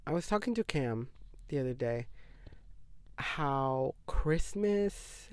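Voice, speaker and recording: A man's voice: a little high, expressive, slow, clear, resonant tone, no echo. A nineteen-year-old man hosting a podcast, chatting casually in a gossipy, dramatic way with lots of "like". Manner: gossipy and dramatic, heavy use of "like". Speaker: podcast host. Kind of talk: casual chat.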